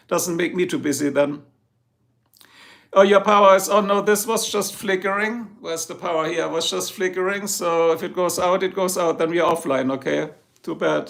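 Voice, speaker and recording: Gravelly German man hosting a live chat. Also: fairly high pitch, fairly bright tone. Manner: chatty, joking, greets viewers by name. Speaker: livestream host. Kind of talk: casual live chat reading comments. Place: home in Ohio.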